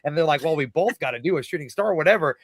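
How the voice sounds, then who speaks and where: A man's voice: a little high, animated, fast, no echo. A man, a wrestler, telling stories on a casual podcast, swearing often, laughing through them, acting out other people's lines.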